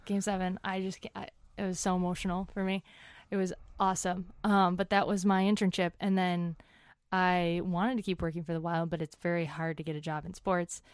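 A woman's voice: on the low side, level tone, fairly quick, smooth, no echo, clean studio sound. A woman in her twenties, an interview guest, animatedly telling a chatty story and acting out what people said.

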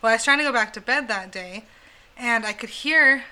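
Woman podcaster, bright high voice, animated storytelling with lots of swearing. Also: a little fast, slight background noise, low-quality recording. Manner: animated, swears freely, laughs while telling a story. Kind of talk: casual storytelling chat.

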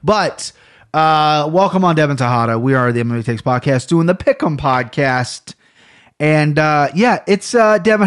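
A man's voice: on the high side, lively intonation, normal speed, clear, resonant tone. A man hosting a casual sports betting podcast, chatty and rambling, often correcting himself mid-sentence. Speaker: podcast host. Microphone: headphones on a studio setup.

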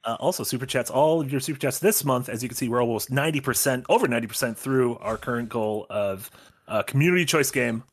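A man co-hosting a podcast in casual chat, rambling and trailing off quietly. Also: medium pitch, fast talker. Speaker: podcast co-host.

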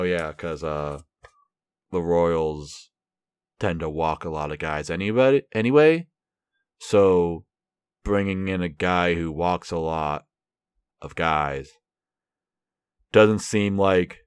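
A man hosting a casual solo baseball commentary podcast, talking sarcastically with mock excitement. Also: sits low, clean tone, dry recording, clean studio sound. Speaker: podcast host and baseball fan.

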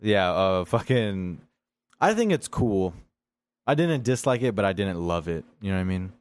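A man's voice: low voice, very animated, moderate pace, clear, resonant tone. A man hosting a podcast in casual chat, rambling and laughing as he talks. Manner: rambling, laughing film talk. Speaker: podcast host.

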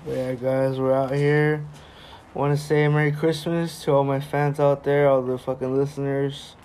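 A young man hosting a casual podcast, loud and crude, joking and swearing with his friends. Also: mid-range voice, level tone, normal speed, slight background noise. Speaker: podcast host. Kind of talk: casual chat.

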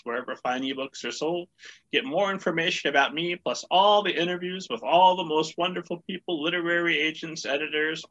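A man's voice: on the high side, bright, forceful tone, dull audio. A man hosting a podcast interview, jokey and playful, often stumbling over his words. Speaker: podcast host.

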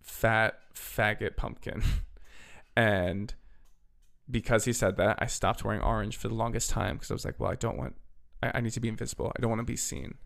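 A young man hosting a podcast, telling a story casually. He talks in a chatty way, full of "literally" and "like", and his voice is slightly hoarse. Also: fairly low pitch, fairly even intonation, normal speed, fairly bright tone. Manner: chatty, filler-heavy, "literally" and "like". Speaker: podcast host.

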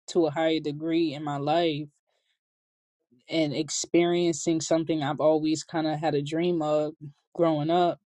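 A woman's voice: low-pitched, dark tone, no echo. A young adult woman vlogging, telling casual stories in a chatty, slangy way and laughing often. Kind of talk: casual storytelling to camera.

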